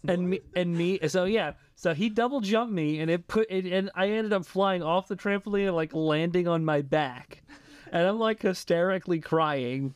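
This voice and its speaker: Young man, high voice, podcast co-host, casual storytelling, swears, dry close mic. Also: moderate pace, clean tone, dry recording. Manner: animated, swears, laughs often.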